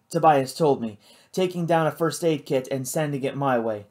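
An audiobook reader narrating a first-person adventure novel with a dramatic, expressive delivery. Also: mid-range voice, normal speed. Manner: dramatic, lively reading.

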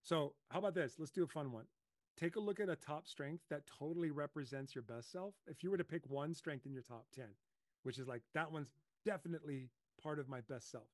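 A middle-aged man hosting a casual coaching talk, telling lively stories and acting out his own panicked voice. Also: on the high side, fairly quick, dry recording. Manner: animated storyteller, acts out his own panicked voice. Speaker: host.

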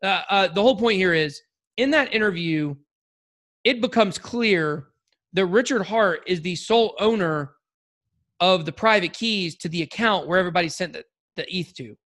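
A podcast co-host chats casually, rambling and joking with plenty of fillers and restarts. His voice is high-pitched and expressive, with a fairly bright tone and a moderate pace.

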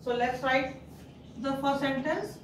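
A woman's voice: high voice, takes it slowly, slight background noise. A woman teacher, patiently guiding young children through a writing lesson, repeating and spelling words out. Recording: echoey room, mic at a distance.

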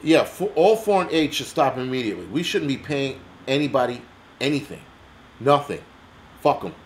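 A man's voice: medium pitch, animated, moderate pace, slight background noise. An American man hosting a livestream, ranting angrily in a blunt, profane, heated way. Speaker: livestream host.

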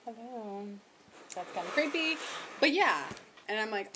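A young woman chatting casually to her camera at home, rambling and self-mocking, talking loudly with headphones on. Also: on the high side, lively intonation, a little slow, long pauses, background noise. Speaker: vlogger. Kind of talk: casual chat. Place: home, indoors.

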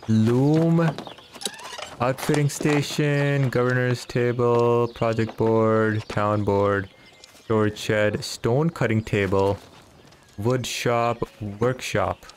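Slow, laid-back gaming streamer man. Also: mid-range voice, slight background noise. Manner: laid-back, chatty, thinking aloud. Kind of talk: casual gameplay commentary.

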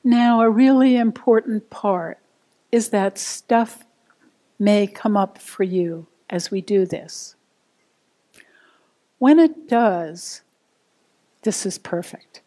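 Slow, mellow-voiced woman meditation teacher. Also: medium pitch. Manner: gentle, unhurried, guiding. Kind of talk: dharma talk.

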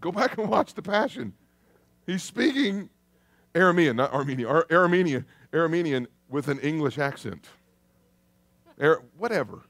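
A man preaching a sermon in a church, lively and conversational, calling out to the congregation. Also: a little high, normal speed, long pauses, no echo. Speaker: pastor. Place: church sanctuary.

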